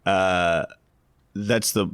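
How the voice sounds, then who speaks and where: A man's voice: low voice, steady tone, drawn-out words, fairly bright tone, smooth, no room sound. A man, co-hosting a podcast in a loose, rambling chat full of restarts and fillers. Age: 40s. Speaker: co-host, financial adviser.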